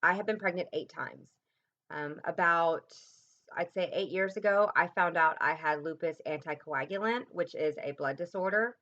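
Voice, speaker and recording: Low-voiced woman telling a painful story. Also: dull audio. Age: 30s. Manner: halting, reflective, many ums and restarts; voice drops low and soft at painful moments. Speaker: vlogger. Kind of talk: personal storytelling to camera.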